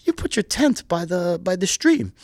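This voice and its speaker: A man's voice: high voice, big pitch swings, normal speed, gravelly, no room sound, clean studio sound, pitched above the performer's own voice, full character voice. A man voicing an easygoing male friend with a heavy Greek accent, shrugging off danger in a casual, matter-of-fact way.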